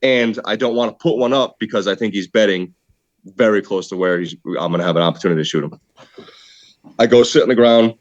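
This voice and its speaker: A man excitedly telling a hunting story in casual podcast chat, saying "dude" a lot. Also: on the low side, brisk, no echo, dull audio. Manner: excited, animated retelling with repeated "dude". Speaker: podcast guest, hunter.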